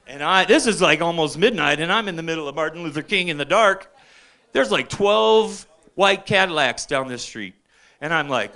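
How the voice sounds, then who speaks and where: Older man, bright forceful comic. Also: a little high, lively intonation, moderate pace. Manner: chatty, keeps checking in with the crowd. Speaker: open mic comedian. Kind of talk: rambling stand-up storytelling. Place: bar stage at an open mic.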